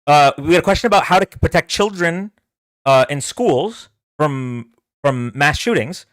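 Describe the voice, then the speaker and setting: A man's voice: on the high side, brisk, no room sound, clean studio sound. A man giving casual, rambling reaction commentary on a live stream and talking to his chat. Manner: animated, rambling, talks to chat.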